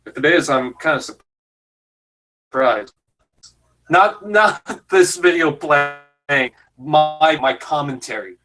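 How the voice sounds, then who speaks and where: A man's voice: a little high, slow pace, pauses often, sharp tone, faint music behind, low-quality recording. A man giving casual, jokey commentary over a fan film, rambling and self-deprecating. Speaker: YouTube commentator.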